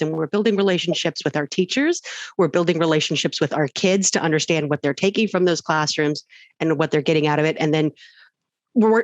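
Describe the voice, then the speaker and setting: Woman host, low-ish voice, dry close sound, polite and thankful. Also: no room sound. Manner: warm, polite, summarizing. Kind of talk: hosting an online support session.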